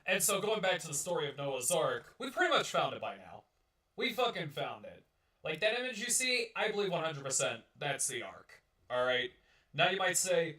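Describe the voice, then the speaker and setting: A man's voice: fairly high pitch, big pitch swings, normal speed, sharp tone, reverberant, far from the mic. A man hosting a casual live-streamed talk show, rambling and swearing as he repeats and restarts his words. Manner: rambling and profane, with many restarts.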